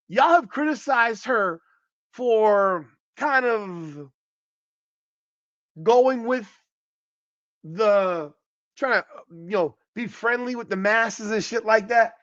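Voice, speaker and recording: A man's voice: sits high, sing-song, takes it slowly, pauses often, a bit bright, dry recording, highs cut off. A man hosting a podcast, giving casual, profane and incredulous commentary. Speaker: podcast host.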